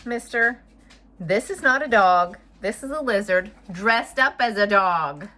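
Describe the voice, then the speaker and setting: A woman's voice: medium pitch, lively intonation, unhurried, pushed and bright. A woman voicing an insistent child in a picture book who only wants a dog, reading aloud. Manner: insistent, earnest.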